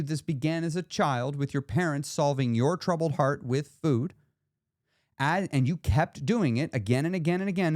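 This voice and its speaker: A man's voice: on the high side, a little mellow, no echo, clean studio sound. A man in his forties hosting a solo podcast as a weight-loss coach, explaining ideas to the listener in a conversational way.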